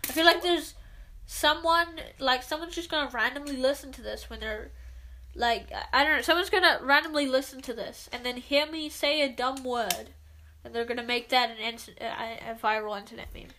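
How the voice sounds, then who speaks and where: A woman's voice: high-pitched, moderate pace, bright, forceful tone. A woman rambling in casual chat with lots of "like" fillers while building a set with a friend.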